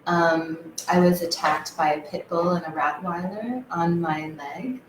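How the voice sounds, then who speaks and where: A woman with a fairly low voice tells her story in a lively, laughing way, restarting her sentences often. The recording sits in an echoey room with a faint hum of ambience underneath. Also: a little slow. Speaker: guest sharing her retreat experience. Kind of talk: casual conversation.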